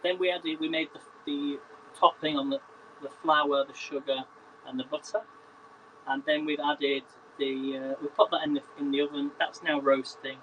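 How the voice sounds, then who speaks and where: A chatty man talks his viewers through a recipe from his home kitchen, laughing easily and calling out to people by name. His voice sits a little high, and a faint hum runs under the recording. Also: flat delivery, moderate pace, muffled recording. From England. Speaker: live cooking streamer. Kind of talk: casual live-stream cooking chat.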